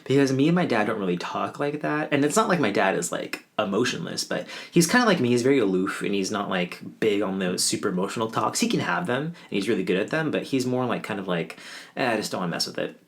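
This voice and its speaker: A man's voice: on the low side, expressive, quick pace, hardly any pauses. A man in his twenties telling a personal story in a casual, wry, offhand way, mocking himself now and then. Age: 20s. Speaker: vlogger.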